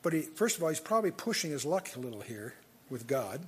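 A man's voice: fairly high pitch, very animated, fast talker, slightly rough. A man leading a verse-by-verse Bible study, reading scripture aloud and then commenting on it in an easy, conversational way with frequent chuckles. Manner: chuckles often while talking.

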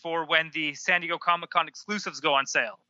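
A man co-hosting a casual podcast in a high, very bright, sharp voice. He mostly chimes in with short agreeing replies and the odd blunt joke. The sound is dry and close. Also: steady tone, fast, no room sound, lo-fi sound. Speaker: podcast co-host. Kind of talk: casual chat.

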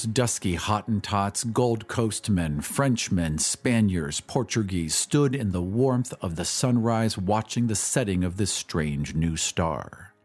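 Man w a lowish voice reading an old story, slow dramatic audiobook vibe, faint music behind. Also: a little mellow. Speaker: audiobook narrator. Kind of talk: scripted narration.

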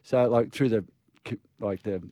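A man's voice: fairly low pitch, moderate pace, dark tone, dry recording. A man with an Australian accent telling a rambling, laughing story in casual chat. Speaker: guest storyteller.

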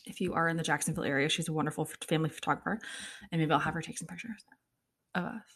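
A woman's voice: low voice, fairly even intonation, racing, a bit bright, slightly rough. A young woman hosting a casual solo podcast, chatting and ranting with exasperation, laughing often and swearing casually. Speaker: podcast host.

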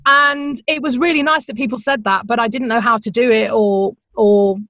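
Chatty woman, bright storyteller. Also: a little high, moderate pace, dry recording, studio quality. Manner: chatty and animated, laughs often, acts out quoted voices. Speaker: podcast guest, radio presenter. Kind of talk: conversational storytelling.

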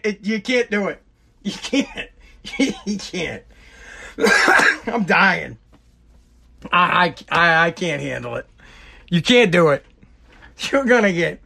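A man with a high, lively voice rants on his podcast with mocking exasperation. His tone is sharp and forceful as he keeps cracking himself up between lines. He is recording at home. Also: vocal fry. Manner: exasperated, mocking, breaks into laughter. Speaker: podcast host. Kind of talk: comedic podcast rant.

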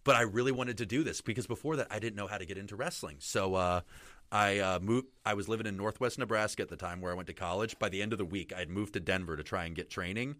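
A man's voice: lowish voice, fast talker, fairly bright tone, dry recording. A young man, a wrestler guest, telling stories in a casual, rambling way with many fillers. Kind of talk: casual storytelling interview.

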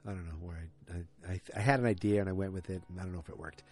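A man's voice: low-pitched, steady tone, rapid-fire, hardly any pauses, a little mellow. A man hosting a podcast, recapping an episode in a casual, rambling way with jokes and asides. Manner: rambling, jokey, self-interrupting. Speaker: podcast host.

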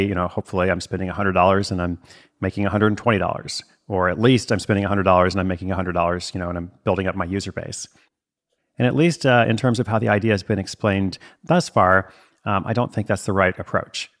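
A man's voice: deep voice, steady tone, fast. A man hosting a podcast, answering listener questions in a thoughtful, hedging way and often restarting his words. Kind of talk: casual solo podcast advice.

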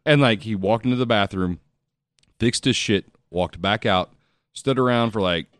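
A man's voice: fairly low pitch, normal speed, no room sound, studio quality. A man telling a long bar story in casual chat, profane and laughing often as he rambles.

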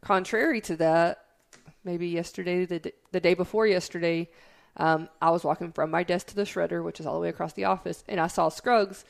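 A woman's voice: lowish voice, steady tone, a little fast, gravelly. A woman co-hosting a podcast, speaking candidly in casual chat and telling stories with quoted asides.

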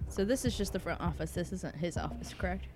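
A woman playing a tabletop game who asks quick, casual questions. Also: fairly low pitch, background noise. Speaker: player.

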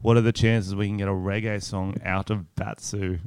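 A man's voice: on the low side, level tone, normal speed, a little mellow, clean tone, dry recording, clean studio sound. An Australian man co-hosting a podcast, teasing and laughing through casual comedic banter. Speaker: podcast co-host.

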